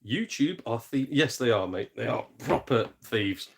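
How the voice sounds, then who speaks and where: Bloke on a gaming live stream, jokey, laughs a lot, mid-pitched voice. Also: male voice, lively intonation, gravelly. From England, Shropshire near the Welsh border. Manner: chatty, jokey, quick laughs, mild swearing. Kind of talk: casual live-stream chat.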